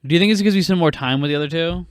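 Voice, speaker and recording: Young male film-podcast host; excitable, profane, smooth clean tone. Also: fairly high pitch, no room sound. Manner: animated, swears a lot, quick bursts. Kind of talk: casual film chat.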